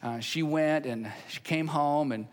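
A middle-aged pastor preaches a sermon in a slightly high, somewhat slow voice, telling stories conversationally and repeating phrases for emphasis. A long hall reverb fills the recording.

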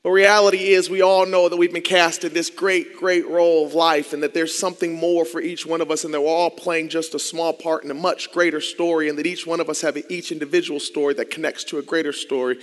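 A man from Ohio telling a personal story in a sermon, acting out quoted dialogue in lively voices. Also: big-room sound. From Akron, Ohio. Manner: animated, acts out quoted dialogue with big pitch swings. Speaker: church groups director.

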